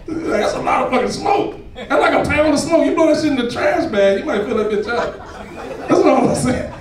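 High-voiced man doing loud stand-up. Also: moderate pace. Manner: loud, laughing, profane storytelling to a crowd. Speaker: stand-up comedian. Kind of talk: stand-up comedy set. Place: comedy club stage. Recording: echoey club recorded from far off.

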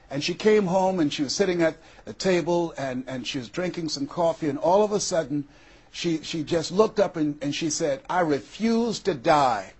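Older American male motivational speaker, husky and slightly high-pitched, dramatic pauses, acts out quotes. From USA. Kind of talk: motivational speech.

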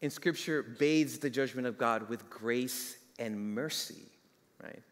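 A man's voice: mid-range voice, takes it slowly. A man preaching a sermon, telling a story and asking the congregation questions. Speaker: guest preacher. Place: church sanctuary. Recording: long church hall reverb.

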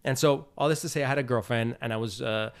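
A man of middle pitch talks in a relaxed, candid interview. He rambles a little, stacking "like" and "you know" as he tells a personal story, and slips into short quoted lines from his own head. His delivery sounds unscripted and conversational. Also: fast, clean tone. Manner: chatty, loose storytelling full of "like" and "you know"; acts out his own past thoughts in quotes. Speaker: interview guest, TV host and producer.

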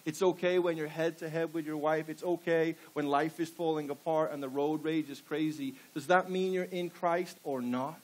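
A middle-aged man delivers a sermon with passion, throwing rhetorical questions out to his congregation. His voice sits a little higher than most men's. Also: fairly even intonation, normal speed, hardly any pauses, a little mellow. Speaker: pastor.

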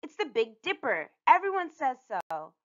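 A woman's voice: high voice, big pitch swings, normal speed, fairly bright tone, lo-fi sound. A woman reading a storybook, voicing a bossy, know-it-all big sister who scolds impatiently. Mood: snappish.

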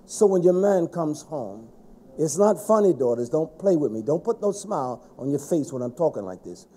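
A middle-aged man preaching a stern, scolding sermon to a congregation, rising to shouts at times. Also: on the high side, big pitch swings, normal speed.

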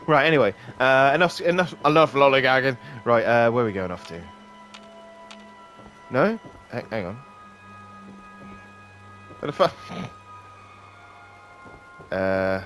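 A man's voice: medium pitch, animated, unhurried, long pauses, fairly bright tone, soft background music. A man rambling and joking as he commentates a video game, swearing and laughing often. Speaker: gaming channel host. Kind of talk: let's play commentary.

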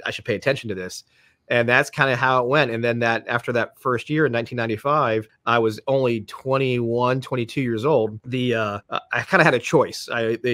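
A man's voice: mid-range voice, a bit bright, no echo, clean studio sound. A man, a podcast guest who tells long, rambling anecdotes and acts out the voices of people he quotes. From Florida, United States. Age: 50s. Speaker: podcast guest, police dog trainer. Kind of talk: casual storytelling.

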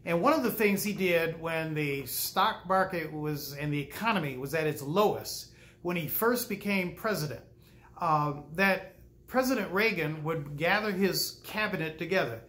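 An older man, a pastor, telling stories in a sermon with a folksy manner, pausing often and acting out quoted speech. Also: a little high, lively intonation, pushed and bright. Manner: folksy, with frequent "uh" pauses and acted-out quotes. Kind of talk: storytelling sermon.

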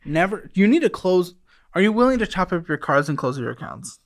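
A man's voice: high voice, big pitch swings, a little fast, no room sound, studio quality. A man hosting a financial audit, questioning a guest bluntly with sarcasm and growing irritation. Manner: exasperated, sarcastic, swings from mutters to outbursts. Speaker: host.

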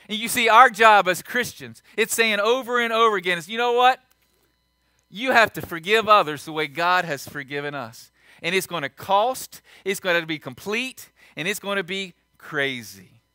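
Emphatic pastor preaching. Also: male voice, sits high, dry recording. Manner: emphatic, repeats lines for stress, swings from quiet to shouting. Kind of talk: sermon.

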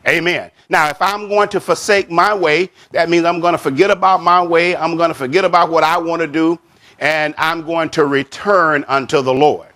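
A man preaching a sermon as pastor, repeating and stressing key words, stretching scripture phrases slowly and sinking his voice at the end of each point, with frequent calls of amen. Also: fairly even intonation, pushed and bright. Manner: drops pitch and volume at the end of a point; frequent amen and child of God to the congregation.

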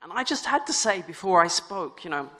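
A woman with a fairly low, sing-song, brisk and sharp voice gives a conference talk in a reverberant conference hall. She is chatty and self-deprecating, with many fillers and restarts.

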